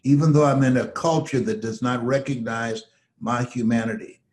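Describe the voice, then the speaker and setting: An older man from the United States, a motivational speaker telling stories as a guest, slow and emphatic like a preacher. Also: medium pitch, darkish tone. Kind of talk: storytelling motivational talk.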